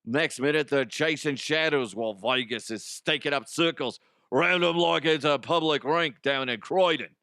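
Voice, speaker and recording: A man voicing a brash male pundit in a put-on Cockney accent, loud, slangy and taunting. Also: fairly high pitch, normal speed, no room sound, clean studio sound.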